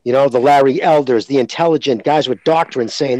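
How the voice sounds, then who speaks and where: A man's voice: mid-range voice, a little fast, a little mellow. A man hosting a casual podcast chat, ranting bluntly and swearing freely. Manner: blunt, profane, opinionated ranting. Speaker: podcast host.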